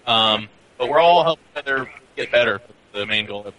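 Animated, bright-voiced male guest. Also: mid-range voice, fairly quick, low-quality recording. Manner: animated storyteller. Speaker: guest player. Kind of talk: casual chat. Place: LAN center.

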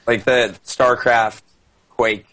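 A man on an esports podcast panel, speaking in a measured, deliberate way over a call that breaks up. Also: mid-range voice, fairly even intonation, fairly bright tone, no room sound, rough recording. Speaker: podcast panelist, pro gamer. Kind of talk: casual esports podcast chat.

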